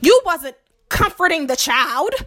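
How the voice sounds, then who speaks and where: A woman's voice: high-pitched, big pitch swings, measured pace, a bit bright. A woman podcast host in a heated, profane monologue, tagging her points with "okay?". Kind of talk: ranting monologue to camera.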